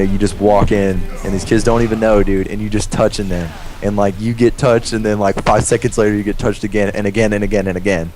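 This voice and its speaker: A man's voice: on the low side, a little mellow. A young man telling a story in casual chat, rambling and swearing freely.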